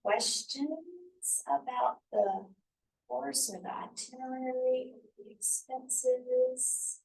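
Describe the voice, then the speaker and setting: A woman's voice: high-pitched, drawn-out words, vocal fry, recorded from a distance, rough recording. Chatty woman leading an info session. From Mississippi, USA. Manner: chatty, animated storyteller. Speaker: faculty trip leader. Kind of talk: information session with storytelling.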